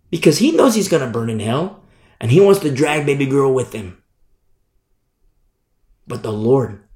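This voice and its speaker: A man's voice: medium pitch, darkish tone. A man preaching a sermon emphatically, driving points home with repetition. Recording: echoey room.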